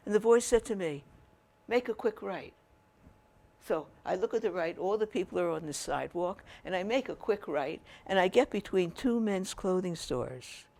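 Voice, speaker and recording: Older female storyteller, animated, creaky voice. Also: on the low side. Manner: chatty, animated, laughs while telling. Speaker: speaker telling stories to an audience. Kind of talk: storytelling talk.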